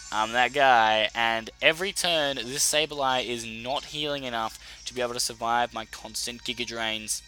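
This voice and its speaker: Young Australian male YouTuber, very bright tone, lively and swearing, faint music underneath. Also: mid-range voice. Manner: animated, profane, self-correcting. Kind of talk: casual battle commentary. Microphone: desk mic.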